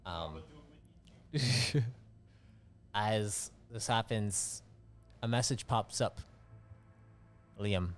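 A man's voice: lowish voice, drawn-out words, long pauses, faint music behind. A young man narrating a tabletop role-play as game master, often breaking into laughter.

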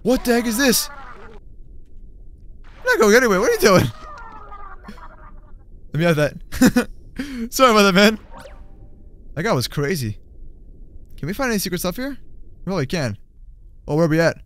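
A man giving excited, chatty commentary over a mobile game, with frequent exclamations and laughs, and faint game music behind him. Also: high voice, moderate pace, long pauses. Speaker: gaming channel host.

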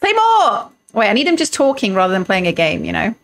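A woman's voice: mid-range voice, big pitch swings, quick pace, faint music behind. A woman chatting casually, laughing and breaking off as she keeps trying out voices. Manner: giggly, self-interrupting, trying out voices. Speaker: streamer. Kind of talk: casual chat.

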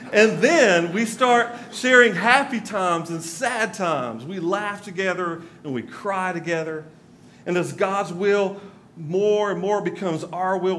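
A man's voice: sits high, slight background noise. A male pastor from North Carolina, giving a conversational sermon with asides to the congregation in a church. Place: church sanctuary.

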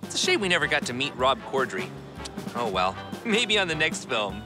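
A man's voice: medium pitch, normal speed, natural voice. A man performing a cheerful, earnest young male puppet who hosts a behind-the-scenes tour with jokes. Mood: excited. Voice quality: lively, eager, exclamatory. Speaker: host. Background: music.

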